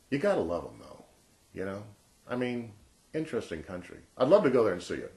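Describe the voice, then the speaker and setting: A man's voice: lowish voice, very animated, brisk, darkish tone. A man in his sixties chatting casually and jokingly to camera as a vlogger. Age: 60s. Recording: roomy echo.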